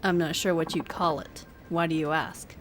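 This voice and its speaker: A gruff grown man, a taxi driver, as a woman reads him aloud. The lines come out lowered and flat, a plain reading of game dialogue. Clear game music plays behind the voice. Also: normal speed, natural voice. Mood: matter-of-fact.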